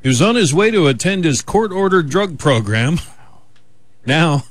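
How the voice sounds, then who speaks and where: A man's voice: on the high side, big pitch swings, unhurried, no room sound. A man hosting a radio show, chatting and joking in a loose, casual way.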